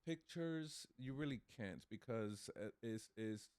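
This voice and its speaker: A man's voice: medium pitch, lively intonation, slow pace, darkish tone, smooth, dry recording. Guy cohosting a chat podcast, stumbles and restarts a lot, dry sound. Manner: hesitant, many restarts and ums; laughs while telling stories. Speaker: podcast co-host. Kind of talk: casual chat.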